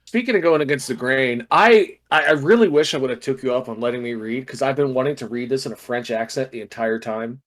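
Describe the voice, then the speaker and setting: A young man co-hosting a podcast, chatting casually with jokes and quick comebacks. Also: mid-range voice. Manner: joking, animated, quick comebacks. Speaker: podcast co-host.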